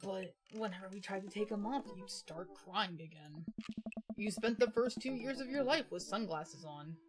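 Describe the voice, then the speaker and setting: A woman's voice: mid-range voice, normal speed, lightly acted. A woman reading the lines of a fond, teasing middle-aged dad from a game aloud, in her own voice, over game music. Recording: game music playing behind.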